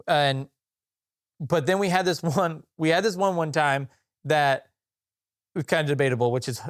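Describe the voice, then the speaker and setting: A man co-hosting a podcast, telling stories in casual chat, animated and laughing often, with frequent restarts. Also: fairly high pitch. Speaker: podcast co-host. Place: podcast recording room.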